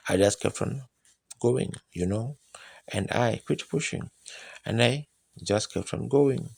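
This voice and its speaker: Gravelly, husky preacher telling a story. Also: male voice, medium pitch, slow pace, darkish tone, no room sound. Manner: folksy, colloquial grammar, acts out moments. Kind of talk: sermon storytelling.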